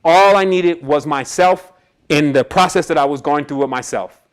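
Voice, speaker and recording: A man's voice: fairly high pitch, normal speed, clean tone. A man giving a casual, streetwise talk to an audience, telling a personal story and acting out the people in it. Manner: casual and streetwise, acts out quoted voices. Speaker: spiritual presenter.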